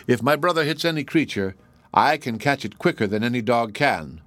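Read by a man, a modest young hunter describes his skill matter-of-factly. The sound is dry and close-miked. The pitch sits in a middle range. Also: animated, normal speed, fairly bright tone, no echo, natural voice.

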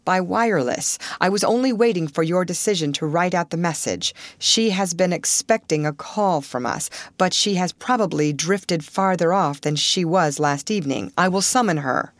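A woman reading a story voices a male ship captain who speaks in a measured, plain way. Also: fairly low pitch, lively intonation, no echo. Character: steady middle-aged male ship captain.

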